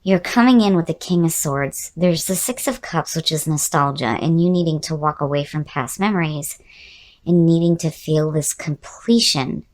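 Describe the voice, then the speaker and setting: Woman, low voice, hoarse, losing her voice, casual tarot reading, musing, repeats words, talks to viewer. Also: moderate pace. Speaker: tarot reader.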